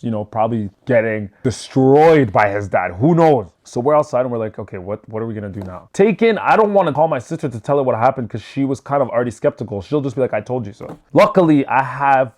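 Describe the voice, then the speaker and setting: A young man tells a personal story to camera in a relaxed, casual style. His delivery is lively, and he drops into what others said as he goes. He swears freely and keeps it loose. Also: medium pitch. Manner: animated, acts out what people said; loose and profane.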